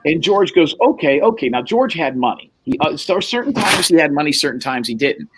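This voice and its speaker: A man's voice: on the high side, very animated, brisk, husky, no echo, low-quality recording. A man telling a wild story in a casual chat, acting out the other people's lines and swearing freely. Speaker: podcast guest.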